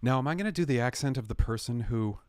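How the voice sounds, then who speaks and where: A man's voice: medium pitch, expressive, fast, a little mellow, no room sound, clean studio sound. A man hosting a livestream, telling a story in a jokey, sarcastic way and correcting himself as he goes. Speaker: livestream host. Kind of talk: casual storytelling rant.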